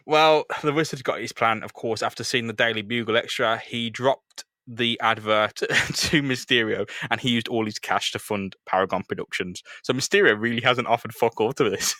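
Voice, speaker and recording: A man co-hosting a laid-back comic book chat, with a joking, sweary delivery. His voice sits at an ordinary middle pitch, and the sound is dry and close. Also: normal speed, bright, forceful tone, no room sound. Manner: jokey, sweary, puts on silly villain voices. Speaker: podcast co-host.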